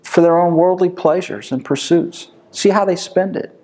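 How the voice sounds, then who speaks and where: A man with a slightly raised pitch leads a small Bible study group in an easygoing, conversational lesson, speaking at normal speed with a warm tone. Like a teacher talking with his class, he fires off rhetorical questions one after another and answers each himself.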